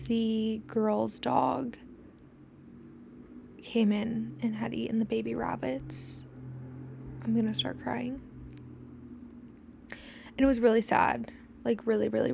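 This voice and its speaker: A woman's voice: on the high side, creaky, a little mellow. A young woman hosting a podcast, telling a story in casual chat, swearing freely and dropping to a whisper when she acts out scenes. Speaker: podcast host.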